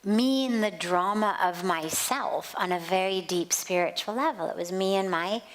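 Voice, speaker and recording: A woman spiritual teacher giving a talk at a satsang, telling a story in a slow, measured way. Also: medium pitch, poor audio. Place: outdoor garden.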